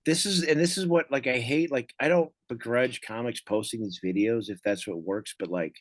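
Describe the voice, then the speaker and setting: A man, a comedian, telling stories in casual chat, rambling with lots of fillers and quoting people in lively voices. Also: mid-range voice, normal speed, no echo. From Michigan. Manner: rambling, animated storytelling with many fillers. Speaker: comedian guest.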